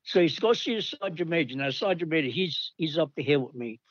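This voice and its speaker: A man's voice: fairly high pitch, fairly quick, no room sound, muffled recording. Older man rambling through old army stories. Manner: rambling, animated, acts out quoted voices. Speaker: storyteller recalling army days. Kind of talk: casual anecdote.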